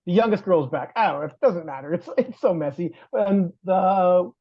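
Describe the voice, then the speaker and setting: A man's voice: high voice, lively intonation, brisk, no room sound, highs cut off. A man guest-hosting a casual gaming podcast, rambling and correcting himself as he gives opinions on games and headsets. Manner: rambling, self-correcting, laughs often. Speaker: guest host, VR reviewer.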